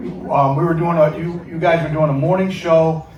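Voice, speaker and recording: A man, a former radio engineer, telling a lively anecdote on stage at a music venue and acting out the people he quotes. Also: fairly high pitch, a little fast, dull audio, a crowd in the background. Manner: animated storyteller who acts out the people he quotes. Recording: echoey room, picked up from a distance.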